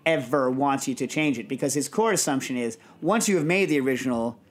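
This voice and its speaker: A man hosting a podcast in casual chat, telling digressive, animated stories. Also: medium pitch, brisk. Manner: rambling, digressive, animated storyteller. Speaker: podcast host.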